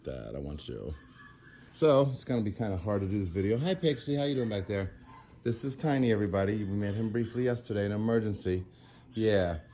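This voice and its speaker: A man speaks in a low, mellow voice, worn out after a sleepless night. He talks to the camera at home in a loose, rambling way, full of ums and restarts. A faint hiss of background noise sits under the recording. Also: fast talker. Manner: rambling, filler-heavy, soft baby talk to a puppy. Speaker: animal sanctuary vlogger. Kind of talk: casual talk to camera.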